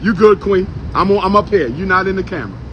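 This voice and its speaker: A man with a high voice delivers a fiery street speech to a gathered crowd. He drives each point home by repeating it, rising and falling like a preacher. Faint traffic hums behind him outdoors. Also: lively intonation, fast talker, dull audio. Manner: repeats lines for emphasis, preacher-like cadence. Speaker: street speaker. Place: outdoors on a city street by a historical marker.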